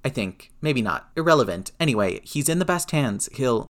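A man reading aloud, voicing a rattled, snappy male inventor who talks fast and rambles defensively. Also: medium pitch, lively intonation, voice pushed up, natural voice. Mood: flustered, nervous.

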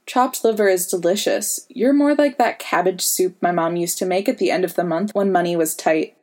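A woman reading the part of a sleepy, dry-witted young woman who talks calmly. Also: on the low side, moderate pace, natural voice. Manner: dry, calm.

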